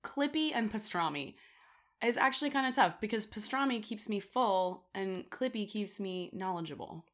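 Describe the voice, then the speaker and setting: A woman chatting on a podcast with a bright, clear tone and a pitch that jumps all over the place. She giggles easily and fills her talk with likes and ums. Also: lively intonation, moderate pace. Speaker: podcast co-host. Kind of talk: casual chat.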